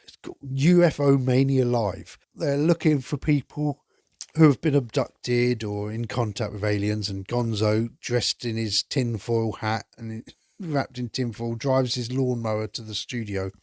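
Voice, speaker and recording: A man's voice: medium pitch, steady tone, unhurried, darkish tone, no echo, studio quality. A man hosting a podcast, chatting enthusiastically through a casual film review and swearing now and then. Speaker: podcast host.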